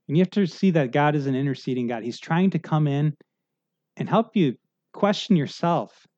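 A man's voice: on the high side, animated, moderate pace, a little mellow, lo-fi sound. A middle-aged male pastor preaching a sermon in a conversational, earnest way, often checking in with the congregation.

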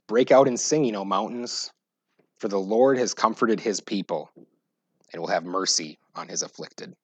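A pastor preaching a sermon, moving between loud, emphatic scripture reading and quiet, joking asides. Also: male voice, lowish voice, moderate pace, dry recording. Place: church.

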